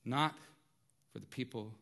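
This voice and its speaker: A man preaching a sermon in a conversational way, dropping to a hush and then rising loud and intense, often asking "right?". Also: mid-range voice, measured pace, vocal fry. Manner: swings from hushed to loud and intense; conversational, repeats phrases and asks "right?". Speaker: pastor.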